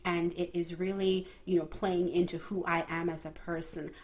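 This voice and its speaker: A woman hosting a faith podcast, praying earnestly and then chatting in an animated way, often laughing. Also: lowish voice, moderate pace. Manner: prayerful, earnest. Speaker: podcast host. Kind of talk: unscripted faith podcast talk.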